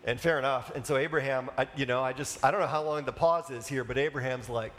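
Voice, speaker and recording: A man's voice: medium pitch, quick pace, hardly any pauses, fairly bright tone, slight background noise. Chatty male pastor preaching casually. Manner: casual, chatty, with asides and fillers. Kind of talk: conversational sermon.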